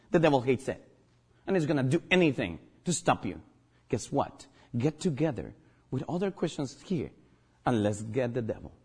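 A man's voice: a little high, darkish tone, breathy edge. A man from Guatemala with a Guatemalan accent, a native Spanish speaker, preaching a sermon as pastor, emphatic and joking.

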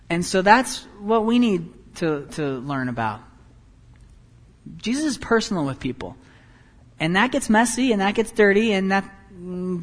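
A man preaching a sermon as pastor, animated, moving between quiet and loud passages. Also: high voice, long reverb tail.

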